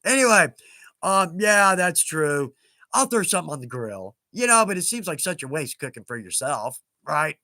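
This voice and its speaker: A folksy middle-aged man chats his way through a live stream. His voice sits fairly high and comes across bright and lively. The sound is close and dry. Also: normal speed, no echo. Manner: chatty, folksy, laughs often. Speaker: livestream host. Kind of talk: casual livestream chat.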